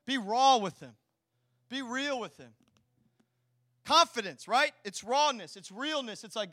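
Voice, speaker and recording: High bright-voiced preaching man. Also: lively intonation, a little slow, pauses often, no echo, clean studio sound. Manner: dynamic preaching, swings between hushed and loud; conversational asides and rhetorical questions. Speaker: pastor. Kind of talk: sermon.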